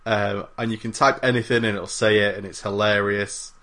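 A man's voice: fairly low pitch, level tone, moderate pace, sharp tone. A man co-hosting a podcast in casual chat, rambling and self-mocking with plenty of swearing. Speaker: podcast co-host.

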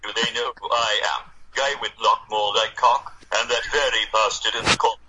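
A man's voice: fairly low pitch, steady tone, brisk, sharp tone, slight background noise, rough recording. A man voicing a pompous, bitter younger brother of a famous scientist who acts as guest host, boastful and petty, with mock glitches in his speech. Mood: huffy. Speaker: guest host of a podcast game. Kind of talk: comedy sketch role-play.

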